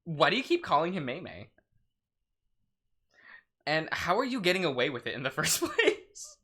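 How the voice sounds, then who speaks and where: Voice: mid-range voice, wildly swooping pitch, normal speed, sharp tone, breathy edge. A giggly co-host chatting casually while playing a visual novel and reading its dialogue aloud. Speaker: let's play co-host reading game text. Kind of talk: casual gameplay chat.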